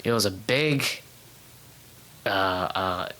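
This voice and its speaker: Young guy telling his story in an interview, lowish voice, lots of ums and restarts, acts out what he said back then. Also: pushed and bright, rough recording. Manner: candid, halting, many fillers and restarts; acts out his past self in quoted outbursts. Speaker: guest. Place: home room.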